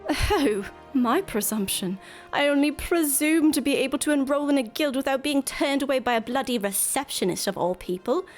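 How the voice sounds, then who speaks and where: A woman's voice: high voice, animated, normal speed, soft background music, voice pushed up. A woman voicing an indignant young would-be guild initiate in a game, huffy and raised.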